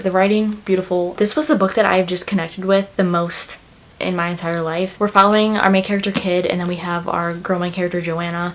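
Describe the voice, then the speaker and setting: A woman's voice: mid-range voice, slight background noise. A young woman talking casually in a book recommendation vlog, gushing and emotional about the stories she loves. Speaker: book vlogger.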